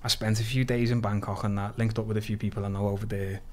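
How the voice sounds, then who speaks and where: A man's voice: fairly low pitch, fast talker. A man on a podcast, telling stories in a casual chat and laughing as he goes. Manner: animated, swears freely, laughs through his stories. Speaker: podcast guest. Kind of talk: casual storytelling.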